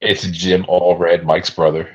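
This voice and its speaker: A man's voice: deep voice, flat delivery, takes it slowly. A young man co-hosting a podcast, chatting casually in a rambling, joking way. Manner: laid-back, rambling, joking, often restarts. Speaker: podcast co-host. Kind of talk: casual chat. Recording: dull lo-fi sound.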